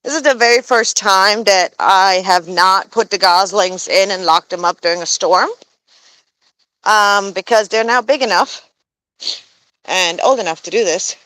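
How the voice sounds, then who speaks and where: A woman with a Texan accent talks unhurriedly through a casual live stream, pausing often with fillers as she explains bird behavior. Her voice sits at a middle pitch and she takes her time with every thought. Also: fairly bright tone, dry recording, rough recording. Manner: slow, rambling explanations with fillers. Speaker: pet goose keeper livestreaming. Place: outdoors on a farm.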